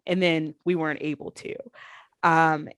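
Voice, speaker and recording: A woman, a professional wrestler, telling candid stories in an interview and acting out past conversations with lively shifts. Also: low-pitched, unhurried, clear, resonant tone, dry recording. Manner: animated, acts out past conversations in her stories.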